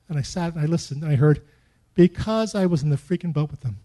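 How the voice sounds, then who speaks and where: Animated high-voiced man preaching. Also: quick pace. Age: middle-aged. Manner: animated storytelling with acted-out prayers. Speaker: pastor. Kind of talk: sermon.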